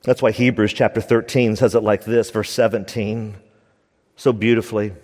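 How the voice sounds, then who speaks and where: A man's voice: on the low side, little pitch movement, normal speed, darkish tone, in a large hall. A man preaching a sermon as pastor, emphatic and repeating his key lines for stress.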